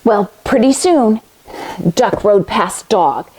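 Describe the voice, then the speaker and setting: Woman, children's yoga teacher, storytelling lesson, gentle, instructive, slow. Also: medium pitch, expressive, breathy edge. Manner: gentle, instructive, animal sounds.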